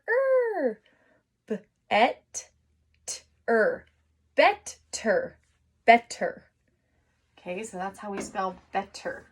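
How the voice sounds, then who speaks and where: A woman teaching young children to write, encouraging them and sounding out words slowly syllable by syllable. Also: medium pitch. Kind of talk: remote phonics and writing lesson for young children.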